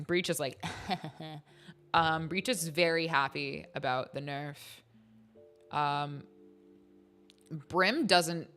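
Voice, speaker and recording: A woman host chatting casually on a livestream, unhurried and rambling. She giggles often, and her words are full of fillers. Her voice is bright and a little low, with faint music underneath.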